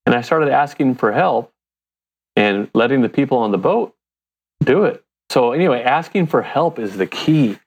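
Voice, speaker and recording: A man's voice: mid-range voice, lively intonation, normal speed. A man from the United States, a company founder and interview guest, telling stories casually, laughing often and acting out his own thoughts.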